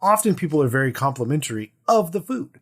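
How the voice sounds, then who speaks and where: A man's voice: a little high, fast talker. A man co-hosting a tabletop gaming podcast in casual, playful chat. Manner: animated, playful storytelling. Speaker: podcast co-host.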